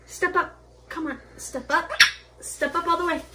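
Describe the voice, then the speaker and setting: A woman's voice: very high voice, fairly even intonation, normal speed, heavy background noise. A young woman chatting playfully at home, coaxing her pet parrot and giggling. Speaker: pet owner. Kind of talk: casual home video chat.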